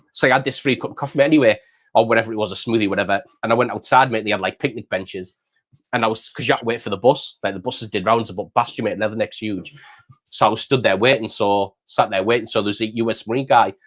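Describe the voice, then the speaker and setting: A man's voice: lowish voice, quick pace, a bit bright. A middle-aged man from the United Kingdom, hosting a casual chat and saying mate often. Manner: chatty, says mate often. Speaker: host.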